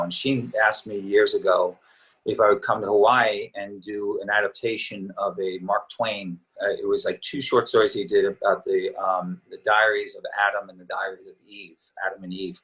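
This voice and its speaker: A middle-aged man with a fairly low voice talks as a guest in a relaxed interview. He rambles in an easygoing, reminiscing way, and his voice sounds a little tired. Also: normal speed, low-quality recording. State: slightly tired voice. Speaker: actor guest. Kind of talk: casual interview chat.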